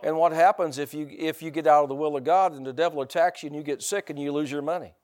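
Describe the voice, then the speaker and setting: A middle-aged man preaching in a loose, conversational style, his voice sitting a little high. He restarts and repeats words as he goes and keeps putting questions to the congregation. Now and then he flares up into loud bursts. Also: steady tone, fast talker. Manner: asks the congregation rhetorical questions. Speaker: pastor. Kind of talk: sermon.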